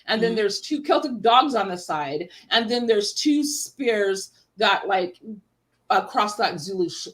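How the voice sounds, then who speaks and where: A woman's voice: medium pitch, expressive, unhurried, fairly bright tone. An American woman telling a long rambling story in casual chat, acting out the people she quotes. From United States. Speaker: guest panelist.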